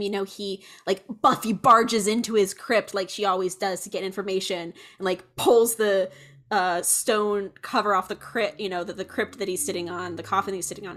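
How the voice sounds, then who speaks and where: Young female co-host; casual, rambling delivery with lots of "like" and "um". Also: medium pitch. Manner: rambling, animated, many fillers. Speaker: podcast co-host. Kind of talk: casual chat.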